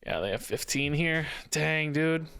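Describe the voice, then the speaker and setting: A man's voice: a little high, animated, measured pace, pushed and bright, clear, resonant tone. A young man streaming a card game, chatting to his viewers in a loose, self-mocking way and laughing often. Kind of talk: casual gameplay commentary.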